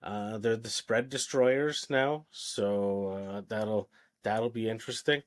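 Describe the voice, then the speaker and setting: A man's voice: on the low side, steady tone, takes it slowly. A man co-hosting a sports podcast, rattling off his picks in casual chat with frequent "uh"s and hesitations. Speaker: podcast co-host.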